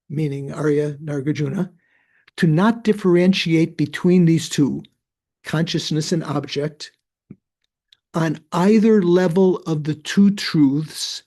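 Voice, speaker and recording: Male teacher, mellow higher voice, reads and explains, halting delivery. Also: vocal fry. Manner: halting, repeats words when restarting. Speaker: Buddhist teacher. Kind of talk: reading and explaining a text in class.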